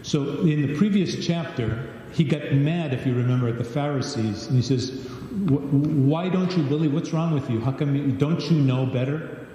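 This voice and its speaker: A man with a mellow, dark tone teaches a Bible study, reading scripture aloud and asking questions of the group. The sound comes from a livestream in a large church hall, with a long, echoing reverb and faint room noise behind him. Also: a little high, moderate pace. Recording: distant echoey church livestream.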